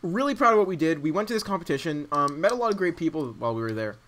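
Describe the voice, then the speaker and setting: A man's voice: fairly high pitch, sing-song, very fast, fairly bright tone. A young man hosting a casual podcast chat, telling a rambling story full of fillers. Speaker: podcast host.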